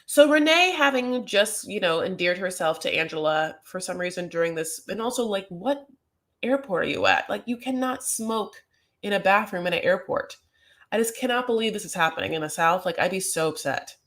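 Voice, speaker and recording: A woman's voice: medium pitch, animated, normal speed, fairly bright tone. A woman hosting a reality TV recap, chatting casually in a gossipy, rambling way full of fillers. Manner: gossipy, rambling, lots of "like" and "you know".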